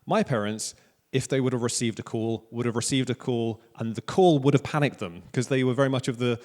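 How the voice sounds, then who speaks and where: Joking Welsh pastor in a reverberant church. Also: male voice, medium pitch, fairly even intonation, brisk, darkish tone. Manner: casual, joking, self-deprecating preaching. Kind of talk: sermon. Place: church hall. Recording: long church hall reverb.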